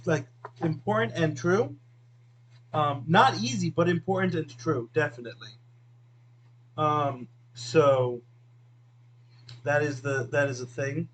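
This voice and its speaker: A man's voice: fairly high pitch, a bit bright, a little hiss or hum, poor audio. A man rambling casually with lots of fillers while he cooks at home, talking to a friend off camera. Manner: rambling, filler-heavy, self-deprecating. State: eyes watering from onions. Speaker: video host. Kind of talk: casual chat while cooking.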